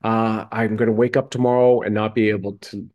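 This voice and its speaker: A man's voice: on the low side, flat delivery, brisk, highs cut off. Enthusiastic man hosting. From Canada. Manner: enthusiastic, hyping. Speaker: host. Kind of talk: casual chat.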